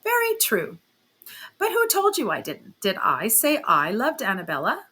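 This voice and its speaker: A woman voicing a blustering, hearty young gentleman who speaks loudly and teasingly to his wife. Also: a little high, huge pitch swings, unhurried, slightly rough, full character voice. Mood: boisterous. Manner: loud, teasing, boastful.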